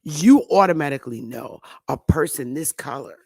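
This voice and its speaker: A woman's voice: deep voice, lively intonation, normal speed, vocal fry, a little mellow, slightly rough, dry recording, clean studio sound. A woman host delivering an impassioned commentary monologue, blunt and emphatic, with frequent profanity.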